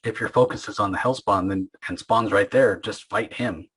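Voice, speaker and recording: A man with a low, husky voice, talking through a comic book story as a podcast host. His delivery is loose and rambling, with many fillers and restarts. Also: moderate pace, a bit bright, poor audio. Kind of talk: casual comic book recap.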